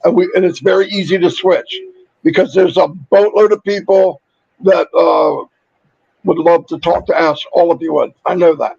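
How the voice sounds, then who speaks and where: A man hosting a casual livestream, upbeat and chatty, rattling off viewer shout-outs while losing his voice. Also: high voice, steady tone, normal speed, creaky, slightly rough, dry recording, dull audio. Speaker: livestream host.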